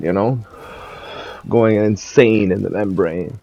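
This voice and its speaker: A man's voice: mid-range voice, expressive, unhurried, a little mellow, muffled recording. A young man ranting in a casual, profane and mocking way, rambling between thoughts. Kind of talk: casual rant.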